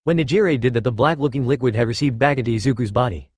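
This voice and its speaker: Guy reading fanfic out loud really fast, flat, dry close sound. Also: medium pitch, dry recording. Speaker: narrator. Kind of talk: fan fiction reading.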